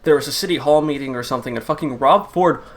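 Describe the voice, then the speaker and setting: A man riffing in a crude, casual comedic rant, laughing often and jumping into loud mocking impressions. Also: mid-range voice, fast talker, faint music behind. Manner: profane, laughing, swings into loud mock quotes. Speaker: comedy commentary host.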